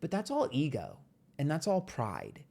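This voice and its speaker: A man giving a casual monthly tarot reading, blunt and profane, chatty and playful with sudden jumps in pitch. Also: wildly swooping pitch, unhurried, creaky, warm tone. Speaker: tarot reader.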